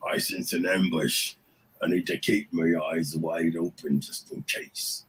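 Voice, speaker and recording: A man voicing a wary dwarven warrior in a tabletop game, speaking low and guarded with a husky voice. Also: fairly even intonation, unhurried, rough recording.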